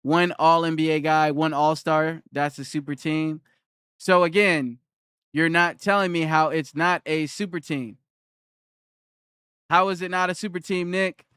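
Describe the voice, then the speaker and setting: Argumentative young man streaming, clear dry voice. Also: fairly high pitch, steady tone, a little slow, fairly bright tone, no echo. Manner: argumentative, repeats himself, reads chat aloud. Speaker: live streamer answering chat. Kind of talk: casual live-stream chat.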